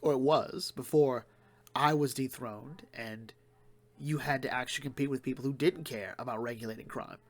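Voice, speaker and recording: A man's voice: mid-range voice, steady tone. Man rambling through a comic review. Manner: rambling, retells plots quickly with fillers and restarts. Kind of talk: casual solo commentary.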